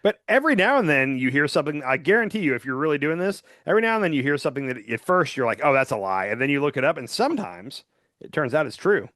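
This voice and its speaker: A man co-hosting a political podcast, talking casually and acting out quotes in a lively way. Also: on the high side, no room sound, clean studio sound. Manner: animated, quick to act out quotes. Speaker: podcast co-host.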